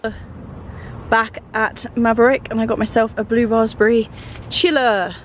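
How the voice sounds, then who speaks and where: A woman's voice: a little high, monotone, moderate pace. A woman in her twenties, from Britain, chatting casually into a handheld camera as a travel vlogger, bubbly and easily delighted. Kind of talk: casual vlog narration. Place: on the road, indoors and outdoors. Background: background noise and vehicle sounds.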